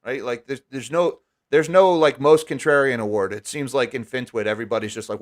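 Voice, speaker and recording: A man hosting a live stream, talking casually and wryly, with quick sarcastic asides. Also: mid-range voice, lively intonation. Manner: chatty, wry, quick asides. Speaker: livestream host.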